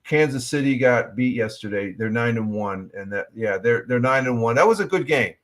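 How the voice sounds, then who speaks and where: A man's voice: mid-range voice, lively intonation, moderate pace, a bit bright. A man hosting a casual morning livestream, rambling with many fillers and reading the chat aloud. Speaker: livestream host. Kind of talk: casual live-stream chat.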